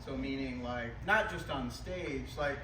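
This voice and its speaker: A man's voice: medium pitch, a little slow. A man speaking as a guest on a live comedy talk show, laid-back and mumbly, full of fillers. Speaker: guest, improv theater co-owner. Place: comedy club stage. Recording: roomy, far mic, noisy.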